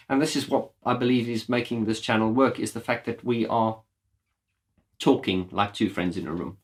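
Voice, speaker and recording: With a mid-range, steady voice at a moderate pace, a YouTube channel host rants earnestly and passionately straight to camera. He swears bluntly throughout this vlog talk.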